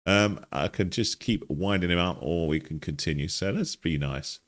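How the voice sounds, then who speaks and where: A man's voice: deep voice, moderate pace, few pauses. A man hosting a casual game walkthrough, chatting wryly and thinking aloud. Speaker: gaming channel host.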